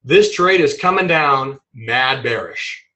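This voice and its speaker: A man teaching a trading webinar in a playful, animated way, acting out examples as he explains them. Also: medium pitch, takes it slowly, low-quality recording. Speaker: trading instructor.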